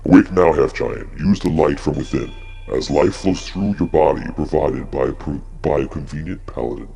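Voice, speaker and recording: Casting: man as an ancient spirit, very low and gravelly, husky, solemn rhymes. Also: moderate pace, mellow, heavily acted. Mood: commanding. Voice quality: deep gravelly. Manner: solemn rhyming pronouncements.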